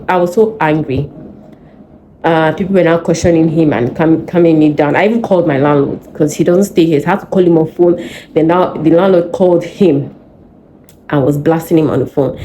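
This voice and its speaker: A young woman with a Nigerian accent, chatting casually on her vlog and telling a story in an animated, venting way. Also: lowish voice, slight background noise. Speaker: vlogger. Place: home in Lagos.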